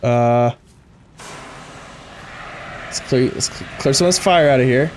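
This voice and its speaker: A man giving excitable let's play commentary, thinking aloud and gasping at each new find. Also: medium pitch, measured pace, slight background noise. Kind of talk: gameplay commentary.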